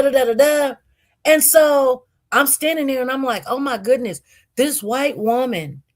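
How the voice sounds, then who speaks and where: Woman, higher-pitched, candid animated storyteller, casual and conversational. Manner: candid and animated, with frequent restarts and acted-out quotes.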